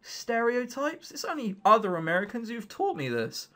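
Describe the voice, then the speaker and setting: A man's voice: extremely high pitch, big pitch swings, normal speed, sharp tone. A man in his twenties with an English accent, reading a visual novel aloud and making joking, rambling asides. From England. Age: 20s. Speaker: let's play host.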